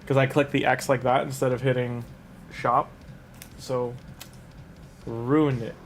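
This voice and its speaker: A man's voice: mid-range voice, flat delivery, unhurried, a little hiss or hum. A man casually commenting a live game stream in a chatty, rambling way, talking to his chat and laughing easily.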